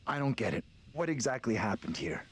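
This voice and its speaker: A calm, steady survivor. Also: male voice, medium pitch, a little fast, husky. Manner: calm, reassuring. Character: calm, level-headed man reassuring the group.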